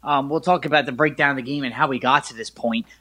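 A man on a sports talk show, telling a stadium story in an excitable, rambling way with many restarts. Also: mid-range voice, quick pace.

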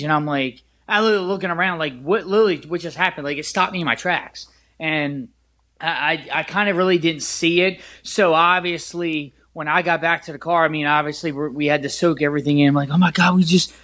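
Excitable man retelling a game. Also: a little high. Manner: excitable storyteller, many restarts and "like"s. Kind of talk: casual sports talk.

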